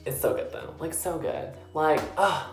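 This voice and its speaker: A man's voice: a little high, moderate pace. A tipsy man sitting in his bathtub, chatting casually and rambling about books with lots of fillers and giggles. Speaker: book vlogger. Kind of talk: casual rambling book talk. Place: in a bathtub, tiled bathroom. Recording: echoey bathroom with faint music.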